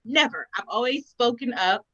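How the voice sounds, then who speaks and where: A young adult woman hosting a casual talk, telling stories in an animated, expressive way. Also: a little high, normal speed, no echo, lo-fi sound. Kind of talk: casual chat.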